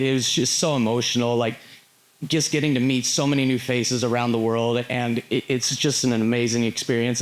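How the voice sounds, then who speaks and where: An eighteen-year-old young man, an athlete, giving earnest, slightly nervous remarks at a public event. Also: medium pitch. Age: teens. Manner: earnest, uses "like" and "just".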